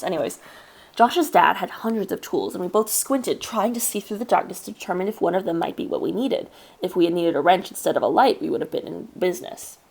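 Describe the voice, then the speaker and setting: A woman streamer reading a story aloud live, at a middling pitch for a woman. Her storytelling is steady and measured, and she breaks off now and then for a casual aside. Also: gravelly. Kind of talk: live read-aloud narration.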